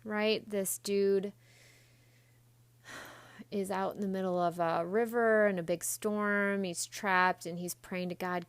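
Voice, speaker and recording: A woman's voice: on the low side, unhurried, vocal fry, clean tone, no room sound. Blunt, chatty woman podcaster, dry mic. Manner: blunt, chatty, swears casually, acts out quoted voices. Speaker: podcast host. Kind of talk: casual self-help monologue.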